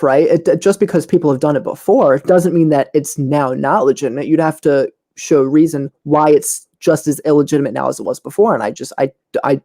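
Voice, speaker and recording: Mellow-voiced earnest male debater. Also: a little high, gravelly. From United States. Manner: earnest, hesitant, searching for words. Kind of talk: online debate, answering questions.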